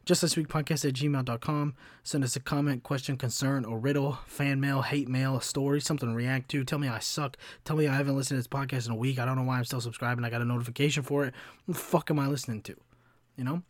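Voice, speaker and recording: A man's voice: mid-range voice, fairly even intonation, quick pace, no room sound. A young man hosting a solo podcast, chatting loosely, swearing freely and filling gaps with "um" and "like". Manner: loose and profane, heavy with fillers like "um" and "like". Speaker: podcast host. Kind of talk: casual solo podcast monologue.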